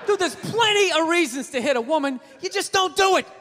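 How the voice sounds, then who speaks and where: A man doing stand-up comedy, brash and profane, ranting at a live audience in a roomy hall with a loud crowd. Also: very high-pitched, expressive, fairly quick, slight background noise.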